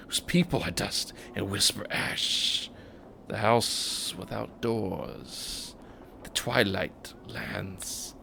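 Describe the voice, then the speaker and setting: A man voicing a haggard, scarred woman who rambles slowly about strange worlds with a thick accent. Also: lowish voice, vocal fry, a bit bright, slight background noise, full character voice. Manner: slow, dreamy and broken. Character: mad, burn-scarred woman lost in visions.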